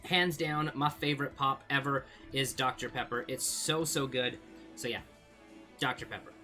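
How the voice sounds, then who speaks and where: Bright-voiced young man answering questions. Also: medium pitch, fairly even intonation, moderate pace, soft background music. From Canada. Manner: rambling, hesitant, many fillers, laughs easily. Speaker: channel host answering viewer questions. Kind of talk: casual Q&A vlog.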